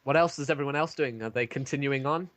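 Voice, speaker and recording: A man narrating a tabletop game as game master, pausing often with ums and uhs. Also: mid-range voice, fairly bright tone, no echo. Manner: hesitant, many ums.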